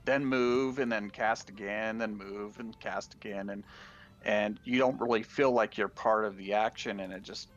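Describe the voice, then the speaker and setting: A man's voice: on the low side, fairly even intonation, normal speed, a bit bright, muffled recording, faint music behind. A man co-hosting a gaming podcast, talking casually and rambling, with frequent restarts. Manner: rambling, restarts often, laughs while talking. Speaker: podcast co-host.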